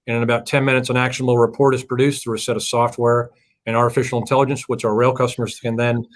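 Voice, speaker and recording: Flat-voiced male CEO guest. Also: mid-range voice, quick pace. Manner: hesitant, many fillers. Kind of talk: interview answers.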